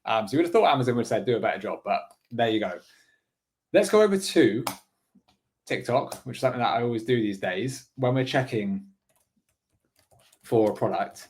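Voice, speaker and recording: Chatty man thinking aloud. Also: medium pitch. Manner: thinks aloud, chatty, frequent "right?" asides. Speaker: online business coach. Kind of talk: casual screen-share walkthrough.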